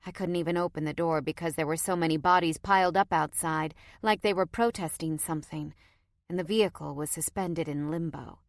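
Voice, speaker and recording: A woman's voice: deep voice, fairly even intonation, brisk, dry recording, clean studio sound. A woman reading a first-person audiobook with tense, dramatic storytelling. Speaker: audiobook narrator.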